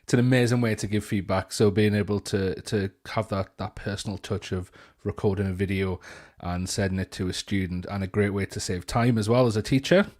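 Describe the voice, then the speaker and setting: A man with a Geordie accent talks through a teaching webinar from his computer. His voice sits fairly low, and he sounds eager, chatty and informal, often restarting his phrases. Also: fairly even intonation, brisk, a little mellow. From northeast England. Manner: chatty and enthusiastic, with frequent restarts. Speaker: teacher and senior school leader. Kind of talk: webinar presentation.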